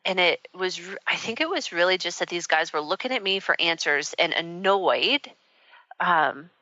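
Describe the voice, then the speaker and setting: A woman's voice: lowish voice, expressive, normal speed, sharp tone, no echo. A woman hosting a radio talk show, telling a personal story in a rambling, candid way with many fillers. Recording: dull, muffled radio audio.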